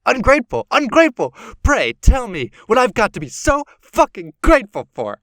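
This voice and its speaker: A man's voice: high voice, huge pitch swings, moderate pace, a bit bright, no echo, voice pushed up, heavily acted. A man reading as a furious sarcastic young woman. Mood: raging. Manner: sarcastic, raging.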